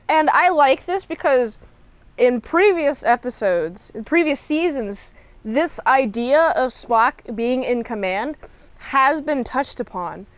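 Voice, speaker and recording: Female vlogger, casual TV reviewer, high-pitched, animated and chatty, dry close sound. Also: takes it slowly, dry recording. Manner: chatty, animated, laughs often, acts out characters' lines. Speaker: TV episode reviewer.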